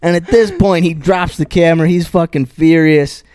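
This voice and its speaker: A man's voice: on the high side, fairly even intonation, normal speed, a little mellow. A man co-hosting a podcast, retelling a stand-up bit in a casual, rambling way full of swearing and restarts. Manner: rambling, profane, many restarts and fillers. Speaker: podcast co-host.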